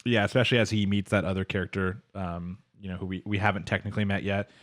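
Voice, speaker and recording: Male podcast host, low voice, rambling recap full of fillers. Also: steady tone, fast talker, a bit bright, dry recording, clean studio sound. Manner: rambling, lots of fillers, acts out characters' lines. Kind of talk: casual anime recap chat.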